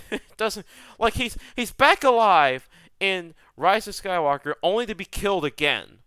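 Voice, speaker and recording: A fairly high-voiced young man rants in exasperation, his pitch leaping all over. His tone is bright and crisp, and the sound is close and dry with no room around it. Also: expressive, unhurried, dry recording. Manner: exasperated, repeats himself, rhetorical questions. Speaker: YouTuber. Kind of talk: ranting commentary.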